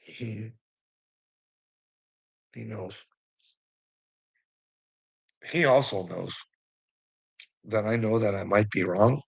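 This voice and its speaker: Casting note: husky, gravelly-voiced man, casual rambling commentator, laughs through his lines, salty language. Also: fairly low pitch, drawn-out words, long pauses, rough recording. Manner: chuckles often, swears, rambling. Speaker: online commentator.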